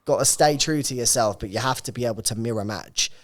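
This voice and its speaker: A young man co-hosting a podcast, chatting casually and telling stories in quick, animated bursts. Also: medium pitch. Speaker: podcast co-host.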